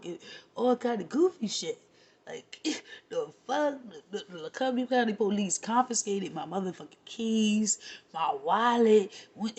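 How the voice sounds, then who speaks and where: Husky woman ranting profanely. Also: medium pitch. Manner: animated, profane storytelling with laughs. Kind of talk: casual rant to camera.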